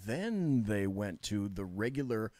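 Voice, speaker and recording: A man's voice: on the low side, very animated, a little slow, dark tone, no room sound. A man co-hosting a casual political chat, with wry joking asides. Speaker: co-host.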